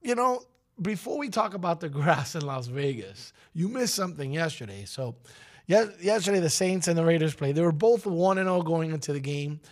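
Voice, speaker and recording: A man with a raspy voice hosting a morning radio show, rambling and joking with his co-hosts. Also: animated, normal speed. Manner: jokey, rambling, sometimes drops to a low corporate voice. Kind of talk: casual morning show banter.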